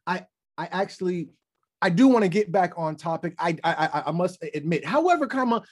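A man hosting a podcast, chatting casually and retelling history, animated and laughing often. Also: high-pitched, brisk. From United States. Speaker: podcast host.

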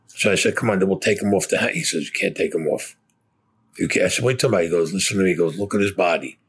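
Blunt older man, deep voice. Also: husky. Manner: blunt, profane, gritty storytelling, acting out dialogue. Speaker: war veteran telling his story. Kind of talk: spoken personal war story.

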